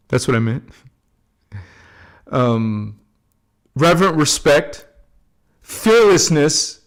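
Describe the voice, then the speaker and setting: A man hosting a spiritual channel, talking loosely to his viewers and closing with soft blessings and affirmations. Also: mid-range voice, animated, extremely slow, pauses often. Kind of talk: casual spiritual talk to camera.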